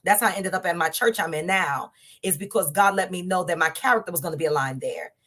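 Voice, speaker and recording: Woman, 30s, lively group-discussion speaker, conversational, talks straight to listeners. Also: lowish voice, fast. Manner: animated, conversational, laughs often, addresses listeners directly. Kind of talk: candid personal storytelling to a group.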